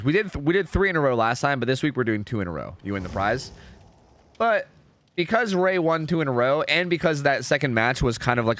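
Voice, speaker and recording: A man hosting a live game stream, chatting casually and explaining match rules with lots of fillers. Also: medium pitch. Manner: animated, rambling, full of fillers.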